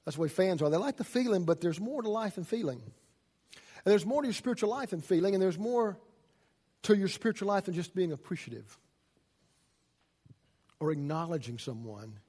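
A man preaching a sermon as a pastor, folksy and swinging from loud emphasis to hushed asides. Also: high voice, lively intonation, normal speed, long pauses, slightly rough.

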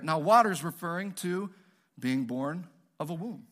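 A male pastor preaching a sermon in an animated, joking, conversational way, often asking the audience questions. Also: high-pitched, measured pace.

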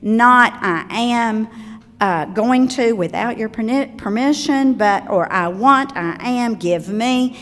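A woman's voice: a little high, takes it slowly. Older Southern woman in a reverberant hall. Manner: chatty, warm storytelling with asides. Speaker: speaker on children's manners. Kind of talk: talk to parents.

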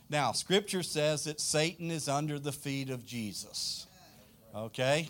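Male preacher, South Louisiana accent, slightly high voice, deliberate unhurried sermon delivery. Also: a bit bright. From South Louisiana, United States. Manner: slow, emphatic preaching with questions to the congregation. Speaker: pastor.

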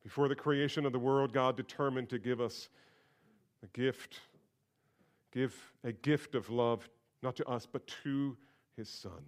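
A man preaching a sermon, repeating phrases for emphasis and swinging between loud, emphatic peaks and quiet, low asides. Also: steady tone, measured pace, long pauses. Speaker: pastor.

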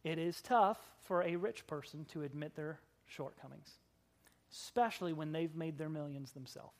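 In a church, a pastor delivers an expository sermon to the congregation at a moderate pace. The delivery is dramatic and sprinkled with humorous asides, shifting between loud emphasis and hushed, low lines.

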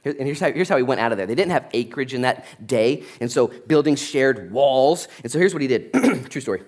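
Animated male pastor preaching. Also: medium pitch, brisk. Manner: animated storytelling, acting out voices. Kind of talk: sermon.

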